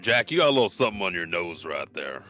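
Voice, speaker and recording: A man's voice: deep voice, sing-song, quick pace, sharp tone, faint music behind. A man playing in a tabletop game, in a jokey, playful manner. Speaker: player.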